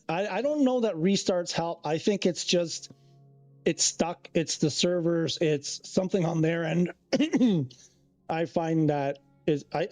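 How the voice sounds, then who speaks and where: A man chatting casually to his stream in a fairly high, warm, mellow voice. He rambles, trails off and restarts his sentences as he reads chat aloud. The sound is close and dry, with faint music underneath. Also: no room sound. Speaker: livestreamer.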